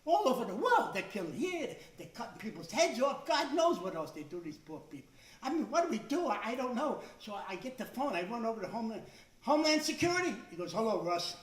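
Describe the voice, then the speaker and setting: Older new stand-up guy, shouts the punchlines, distant mic in a roomy club. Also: very high-pitched, big pitch swings, quick pace. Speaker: stand-up comedian. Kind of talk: stand-up routine. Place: club stage before a live audience. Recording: echoey room, far from the mic.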